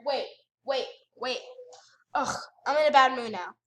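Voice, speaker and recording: A woman's voice: sits high, measured pace, fairly bright tone. A woman ranting with sassy indignation while commentating her gameplay at home by the computer. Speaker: gaming channel host.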